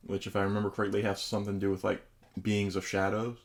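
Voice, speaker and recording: Host with a very low voice doing a casual unboxing review, chatty and enthusiastic. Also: male voice, level tone, quick pace. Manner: enthusiastic, chatty, with hesitant pronunciations. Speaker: host reviewing tabletop game books.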